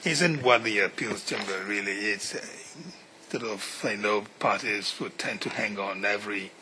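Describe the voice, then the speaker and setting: A man questioning counsel from the bench as a judge, deliberate and probing. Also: fairly low pitch, bright, forceful tone, slight background noise, poor audio. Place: courtroom.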